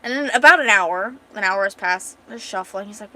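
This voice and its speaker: A woman's voice: fairly high pitch, expressive, fairly quick, bright, forceful tone. A woman streamer chatting casually with viewers while retelling and reading a comic aloud, full of fillers and restarts.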